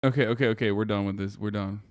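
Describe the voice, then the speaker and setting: A man's voice: on the low side, quick pace, dry recording, clean studio sound. A man streaming live, chatting casually, swearing, laughing and mocking with sarcastic banter. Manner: swearing, laughing, animated outbursts; joking, sarcastic banter with chat. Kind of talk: casual livestream chat.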